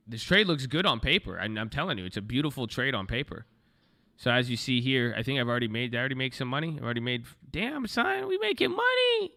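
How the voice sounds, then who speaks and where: A young man trades stocks on a livestream, speaking bluntly to his chat and swearing freely. His voice is mid-range and bright, with a forceful tone, in casual livestream commentary.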